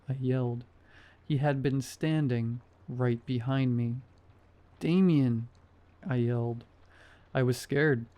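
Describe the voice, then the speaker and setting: A man reading a scary story aloud in a calm, measured narration style. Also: medium pitch. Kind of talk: scripted narration.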